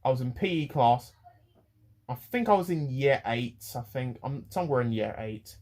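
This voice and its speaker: A man's voice: mid-range voice, a little mellow. Rambling young man ranting. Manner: rambling, repetitive, many pauses and restarts. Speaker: vlogger. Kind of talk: ranting to camera.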